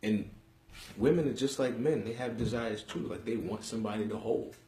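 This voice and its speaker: A young New man with a very low, deep voice hosts a casual live stream from home, bantering bluntly with viewers. He talks in animated slang. The room around him sounds echoey. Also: normal speed. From Harlem, New York City. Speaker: host of a live webcast.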